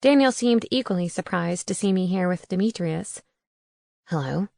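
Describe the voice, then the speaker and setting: A woman's voice: mid-range voice, moderate pace, gravelly, dark tone, no echo. A woman narrating a first-person audiobook in a wry, conversational way on a close studio mic.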